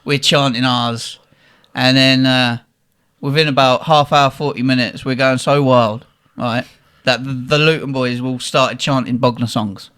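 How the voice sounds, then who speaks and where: A young man, co-hosting a podcast and telling a lively, profane story about a night out. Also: medium pitch, a little slow, clear, resonant tone. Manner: animated, swears freely, quotes people in the story. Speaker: podcast co-host. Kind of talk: casual storytelling.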